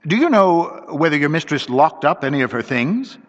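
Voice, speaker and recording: A man reading the part of a nervous, guilty gentleman master who speaks slowly and keeps himself carefully composed. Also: on the high side, very animated. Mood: strained. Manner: slow, strained, trying to stay composed. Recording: dull lo-fi recording with long reverb.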